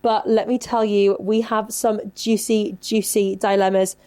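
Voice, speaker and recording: A woman's voice: mid-range voice, flat delivery, a little slow, mellow. A woman in her twenties who hosts a podcast, giving advice in a casual chatty way, swearing freely and saying "like" a lot. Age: 20s. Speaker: podcast host.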